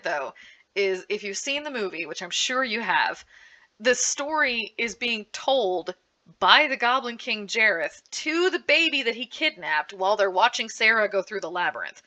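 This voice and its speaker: A woman speaking with lively enthusiasm, recommending comics and manga in a casual panel talk. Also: medium pitch. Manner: lively, animated, frequent restarts and laughs. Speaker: librarian giving a book panel.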